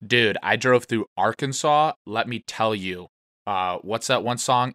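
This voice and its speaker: Young dude co-hosting, teasing jokes, bright voice, dry close sound. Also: male voice, lowish voice, unhurried, dry recording. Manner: teasing, joking interjections. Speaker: podcast co-host. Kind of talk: casual podcast chat.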